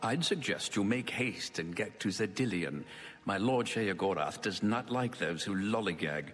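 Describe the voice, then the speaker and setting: A man's voice: fairly low pitch, lively intonation, moderate pace, fairly bright tone, faint music behind. An actor voicing a dry, condescending male servant of a mad god in a video game. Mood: sardonic. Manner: condescending, sardonic. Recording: game audio with long reverb.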